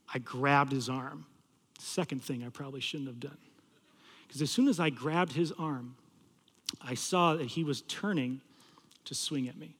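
A man preaching a sermon as a campus pastor, telling a story and swinging between loud pleading and hushed, low passages. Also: in a large hall.

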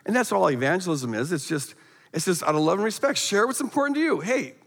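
A middle-aged man giving a guest sermon, telling a personal story with animated, emphatic rises and frequent stammered restarts. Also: high-pitched, fast. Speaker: guest speaker. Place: church sanctuary. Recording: long hall reverb.

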